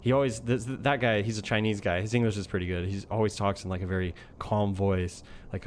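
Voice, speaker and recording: A man's voice: on the low side, fairly even intonation, brisk, hardly any pauses, slight background noise. Rambling young man telling a story. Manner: rambling, heavy use of fillers. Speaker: vlogger. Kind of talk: casual storytelling.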